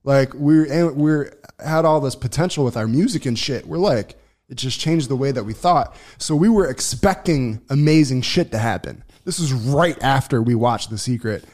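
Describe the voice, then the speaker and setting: A man telling a long personal story on a casual podcast, swearing freely, restarting sentences and getting loud when excited. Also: medium pitch, moderate pace. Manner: profane, rambling, lots of restarts and fillers; gets loud and excited when reliving events. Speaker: podcast co-host.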